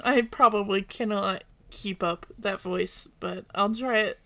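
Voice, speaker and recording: A woman streaming a video game, chatting excitedly and swearing freely as she plays. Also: mid-range voice, unhurried. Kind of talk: casual gameplay commentary.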